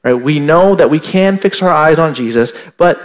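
Preaching man with a higher voice. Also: expressive, normal speed. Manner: repeats "right?" to the congregation, emphatic restatements; acts out imagined indignant listeners with a raised voice. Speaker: pastor. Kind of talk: sermon.

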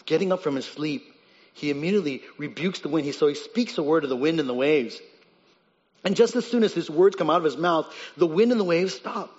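A man preaching a sermon, who swings between soft, low reflection and loud, high-pitched dramatic retellings. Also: animated, fairly quick. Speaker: pastor. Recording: dull sound with long reverb in a large hall.

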